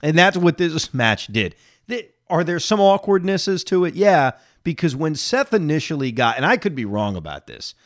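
With a slightly high voice at normal speed, this solo reaction podcast host speaks straight to his audience, animated and full of opinions. He has a lingering cough, and the audio is clean and echo-free, studio-style.

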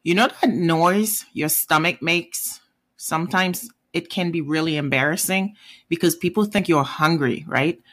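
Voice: mid-range voice, measured pace, a bit bright. A language teacher from Haiti with a Haitian accent, a native Haitian Creole speaker, giving a casual video lesson patiently, repeating words and checking in with "okay?" and "right?". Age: adult parent.

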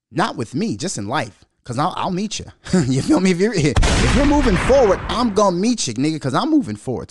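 A young adult man from Minnesota hosting a casual solo podcast, telling a story in a profane, animated way and laughing as he goes. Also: fairly high pitch, no echo, clean studio sound. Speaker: podcast host.

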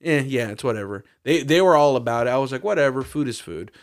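A man co-hosting a casual podcast who tells stories in a rambling way, with lots of swearing, quick bursts and laughter. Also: mid-range voice, expressive. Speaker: podcast co-host. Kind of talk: casual storytelling chat.

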